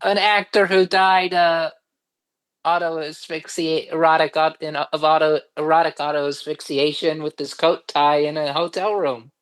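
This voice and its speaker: A woman with a lowish voice joins a casual group chat. Her humor is dry and deadpan, and she often restarts her sentences mid-thought. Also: moderate pace, clear, resonant tone, rough recording.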